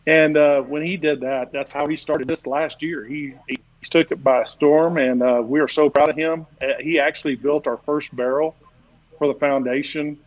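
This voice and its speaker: A man's voice: a little high, steady tone, moderate pace. A man telling a long, rambling story in casual chat, full of "uh" fillers. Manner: rambling, folksy, many "uh" fillers. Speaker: barbecue class teacher and guest. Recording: dull lo-fi stream audio.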